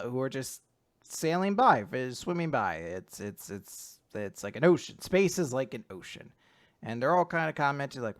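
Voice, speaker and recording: Man, podcast host, casual chat, animated, swears, laughs, lively pitch. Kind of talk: casual chat recapping manga.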